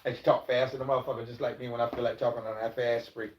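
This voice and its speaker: A man's voice: medium pitch, level tone, very fast, a little hiss or hum. A middle-aged man talking loosely and profanely on a live stream, rambling into preachy asides. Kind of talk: casual live-stream talk. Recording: echoey, dull lo-fi room sound.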